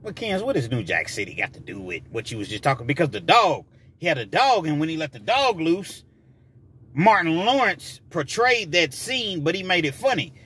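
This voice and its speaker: Lively, bright-voiced male storyteller who acts scenes out, casual vlog delivery. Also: a little high, normal speed, breathy edge.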